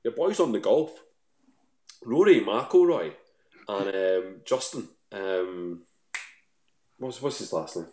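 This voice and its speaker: A man's voice: fairly low pitch, animated, takes it slowly, long pauses, warm tone, reverberant. A Scottish man chatting casually as a radio guest, rambling with fillers and restarts. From Scotland. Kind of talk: casual chat.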